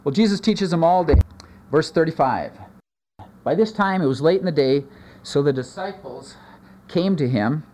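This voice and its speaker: A man preaching a sermon as a pastor, earnest, his voice rising for emphasis and dropping low in asides. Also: animated, moderate pace, pauses often, darkish tone.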